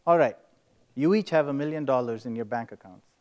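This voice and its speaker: A man voicing an old male genie in a joke, told in a deadpan storyteller's way. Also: medium pitch, a little fast, natural voice. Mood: sly.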